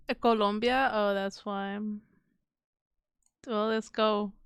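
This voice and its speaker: A woman's voice: mid-range voice, clear, resonant tone, no echo, clean studio sound. A woman streamer chatting casually on a live stream, rambling, giggling often and swearing offhandedly. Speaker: VTuber streamer.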